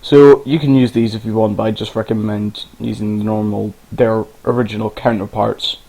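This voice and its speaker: A man's voice: lowish voice, flat delivery, moderate pace, creaky, warm tone, slightly rough, low-quality recording. A man narrating a casual game tutorial, rambling and informal, with the odd swear.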